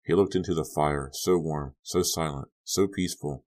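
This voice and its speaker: A man narrating a young-adult horror audiobook in a calm, measured storytelling manner. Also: very deep voice. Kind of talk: scripted narration.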